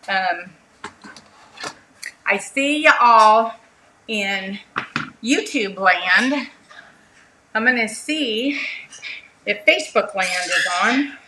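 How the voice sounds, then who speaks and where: A woman's voice: mid-range voice, animated, extremely slow, long pauses, pushed and bright, slight background noise, rough recording. A woman hosting a casual craft livestream, chatting and greeting her viewers by name.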